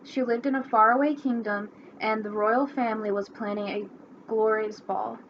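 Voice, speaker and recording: A young woman presenting a class assignment, reading a fairy tale in a friendly, unhurried way, in a slightly muffled recording with faint hiss. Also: fairly high pitch, fairly even intonation. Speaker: student presenter.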